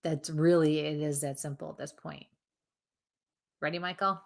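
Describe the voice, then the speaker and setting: A woman's voice: deep voice, steady tone, normal speed, gravelly. A woman co-hosting a live show, reading spirit messages for viewers in a chatty way with frequent laughter. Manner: warm, chatty, laughs often. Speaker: psychic medium co-host.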